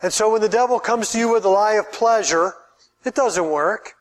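A man's voice: high-pitched, normal speed. A man, a pastor, preaching a sermon in an earnest way, often repeating words as he builds his point.

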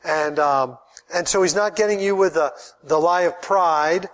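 High pitched pastor guy preaching, earnest, keeps repeating himself as he builds up. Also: a little slow, a bit bright. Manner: earnest, repeats words while building a point. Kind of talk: sermon.

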